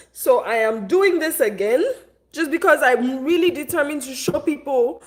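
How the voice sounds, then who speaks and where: A woman's voice: high-pitched, animated, normal speed. A young woman vlogging on a live stream, tearful and upset, venting in casual rambling chat.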